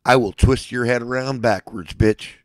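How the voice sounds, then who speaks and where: A man delivering a furious, profane rant, shouting at times and at others dropping to a low seething threat. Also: steady tone, normal speed, no echo, rough recording. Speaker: ranting speaker.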